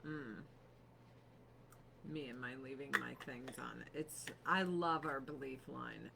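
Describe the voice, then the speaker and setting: A woman's voice: deep voice, lively intonation, takes it slowly, vocal fry, heavy background noise. A woman hosting a casual beauty livestream from her home, chatty, laughing often and swearing casually. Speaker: livestream host selling beauty products. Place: home on a snowy mountain.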